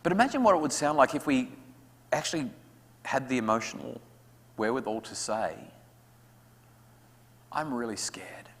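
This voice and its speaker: A man's voice: medium pitch, expressive, fairly quick, pauses often, fairly bright tone. Australian man giving a talk in a hall. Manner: conversational and humorous, acts out parents' lines. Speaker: guest speaker on parenting. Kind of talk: public talk to parents. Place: school hall. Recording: long hall reverb.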